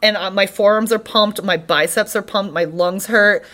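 A young woman, a podcast guest, casually telling an animated story with frequent "like" fillers. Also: mid-range voice, normal speed. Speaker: podcast guest, CrossFit athlete.

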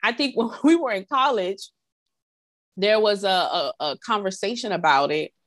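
Animated woman co-host, mid-pitched, dry close sound. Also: moderate pace, no echo. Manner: animated, acts out quoted voices. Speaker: podcast co-host. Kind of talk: casual podcast conversation.

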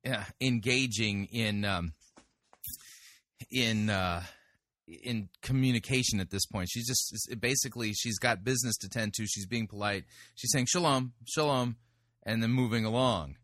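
Male sermon critic, lowish bright voice, hesitant and dry, close dry mic. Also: moderate pace, dry recording. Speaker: sermon reviewer. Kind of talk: critical commentary.

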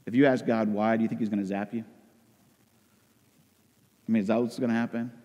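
A man preaching a sermon as pastor, swinging between loud emotional outcries and hushed intensity. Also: lowish voice, steady tone, a little fast, in a large hall.

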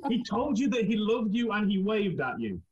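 A man's voice: sits high, sing-song, normal speed, highs cut off, a loud crowd. A man from England, telling rambling anecdotes in a casual chat and laughing through them.

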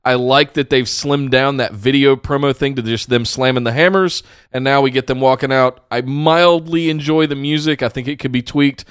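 Man, co-host, smooth clear voice, easygoing casual chat, dry booth. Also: medium pitch, fairly even intonation, moderate pace, hardly any pauses, fairly bright tone, dry recording. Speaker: wrestling podcast co-host.

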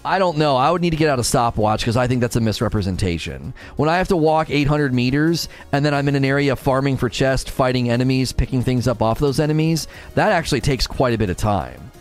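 Male streamer, casual chat, animated pitch, light music in the background. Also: quick pace, hardly any pauses. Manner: chatty, reads chat aloud, animated swings in pitch. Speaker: game streamer.

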